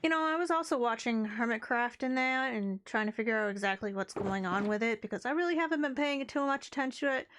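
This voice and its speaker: Woman game streamer with a high voice; chatty, rambling, casual delivery. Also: animated, fast, few pauses, fairly bright tone, slight background noise. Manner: rambling, chatty, self-interrupting. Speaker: live streamer. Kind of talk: casual chat while playing a game.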